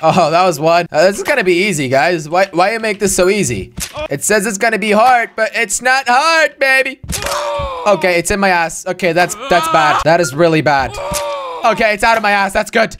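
A young man hosting a gaming channel, giving excitable let's-play commentary, talking to himself and shouting and swearing at the game. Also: high-pitched, normal speed, a crowd in the background.

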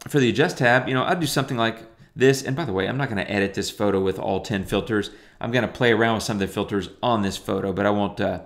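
A middle-aged man teaching photo editing in a chatty, enthusiastic way, full of fillers. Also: mid-range voice. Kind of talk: casual software tutorial.

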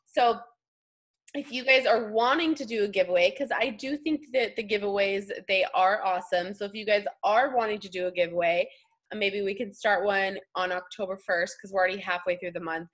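A woman's voice: medium pitch, steady tone, a little fast. A young woman leading a casual coaching chat, upbeat and slangy. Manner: chatty, upbeat, slangy, puts on voices when quoting. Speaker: team leader hosting a call.

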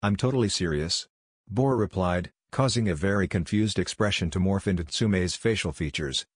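A man reading fan fiction aloud in an even, steady way. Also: sits low, breathy edge, dry recording, clean studio sound. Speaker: narrator.

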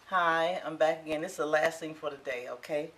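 A woman's voice: low voice, a little fast, a bit bright. A woman in her sixties demonstrating a recipe in her home kitchen, talking straight to viewers in a folksy, exclamatory way. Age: 60s. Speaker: home cook. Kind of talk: casual cooking demonstration.

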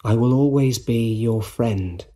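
A man voicing a kind, earnest young hero in a storybook reading, speaking quietly. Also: medium pitch, slow, close to an everyday voice.

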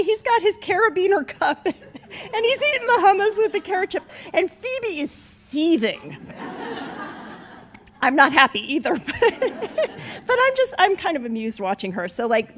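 A middle-aged woman telling a comic personal story to an audience, profane and animated, rising to near-shouts at the punchlines. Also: extremely high pitch. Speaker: author telling a story at a live event.

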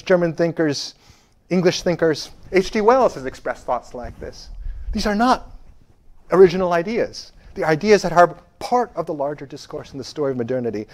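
A man delivers a university history lecture in a fairly high voice. He hits key phrases loudly, drops into quiet asides, and often uses fillers and restarts his sentences.

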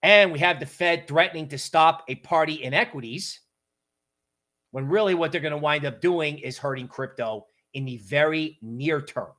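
A man hosting a casual livestream on markets, talking in an animated, joking storytelling way. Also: a little high, normal speed. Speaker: crypto market livestream host.

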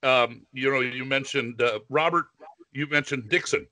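A man's voice: mid-range voice, normal speed, bright, forceful tone. A man, an opera singer co-host in a casual video-call chat, talking in a friendly, chatty way and laughing readily.

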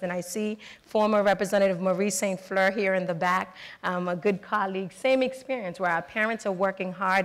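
Woman telling stories on a panel. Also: mid-range voice. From Boston, Massachusetts. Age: 40s. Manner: earnest storytelling, brisk. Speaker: state senator. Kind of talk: panel discussion. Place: public forum hall. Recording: echoey hall.

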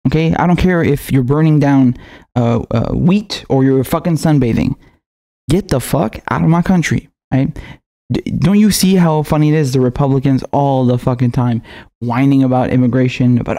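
A man's voice: medium pitch, animated, normal speed, warm tone. A man hosting a political commentary show, ranting with anger and heavy swearing, often stammering and restarting. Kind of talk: heated video commentary.

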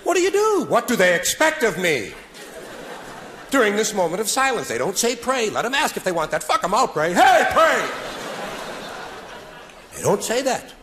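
Sharp-toned and high, with big swings in pitch, a man in his forties moves fairly quickly through a stand-up set on a live stage. He's sardonic with mock-solemn asides, and the audience recording is noisy.

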